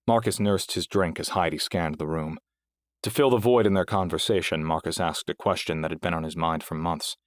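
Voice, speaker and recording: A man with a notably deep voice reads a novel aloud in steady, even scripted narration. He is recorded close on a dry booth mic with no room sound. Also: a little fast, no echo. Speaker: audiobook narrator.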